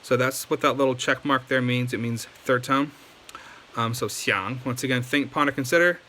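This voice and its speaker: A man's voice: mid-range voice, moderate pace, bright, forceful tone, slight background noise. A man giving a casual video lesson, loose and chatty with many ums and likes. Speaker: language teacher.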